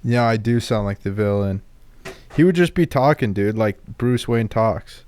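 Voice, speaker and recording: A man's voice: fairly low pitch, expressive, normal speed, darkish tone, clean tone. A man co-hosting a podcast in laid-back casual chat, swearing easily and calling his friend dude. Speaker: podcast co-host.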